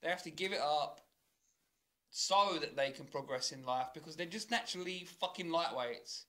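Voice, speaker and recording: A man's voice: fairly high pitch, normal speed, pushed and bright. A young man with a London working-class accent, co-hosting a podcast in rambling, sweary casual chat and laughing often. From South London. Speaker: podcast co-host.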